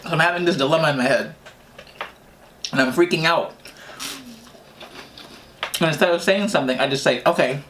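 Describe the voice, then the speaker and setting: A man's voice: fairly high pitch, normal speed, pauses often, fairly bright tone, slight background noise. A man vlogger telling a childhood story as he eats, rambling and restarting, laughing at his own tale. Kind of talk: storytime while eating.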